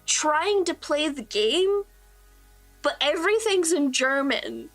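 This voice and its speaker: A woman's voice: high-pitched, sing-song, slow pace, fairly bright tone, soft background music. A young woman streaming while she draws, chatting casually in a rambling, self-deprecating way and laughing often.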